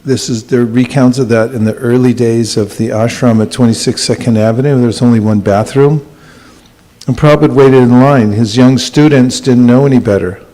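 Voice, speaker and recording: A man teaching a scripture class and taking questions, speaking in a measured way with gentle dry humor. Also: medium pitch, steady tone, poor audio. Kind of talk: class talk with audience questions.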